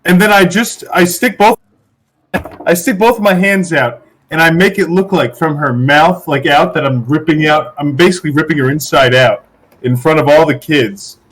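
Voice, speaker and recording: A man playing a tabletop game, excitable and swearing a lot. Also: a little high, normal speed. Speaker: player.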